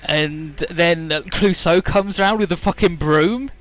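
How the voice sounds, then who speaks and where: A man's voice: fairly high pitch, slow, fairly bright tone. A man commentating on a video game, rambling and swearing casually as he retells a story and acts out the voices. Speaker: let's play commentator.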